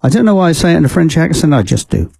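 Chatty radio presenter man, gravelly warm voice. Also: a little high, big pitch swings, rapid-fire, no echo. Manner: chatty, rambling with fillers and self-amused laughs. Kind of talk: casual radio chat. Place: radio studio. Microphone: studio microphone.

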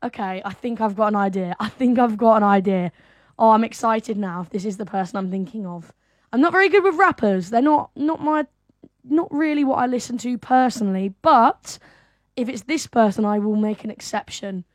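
A woman's voice: on the high side, normal speed, dry recording, clean studio sound. Chatty woman radio co-host. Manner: chatty, eager guessing. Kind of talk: casual radio chat.

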